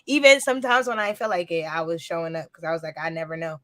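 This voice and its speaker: This guest, a sneaker content creator who also hosts a podcast, talks in a lowish, animated, slightly bright voice at a quick pace. She rambles chattily through her story with plenty of fillers, in echo-free studio-quality audio.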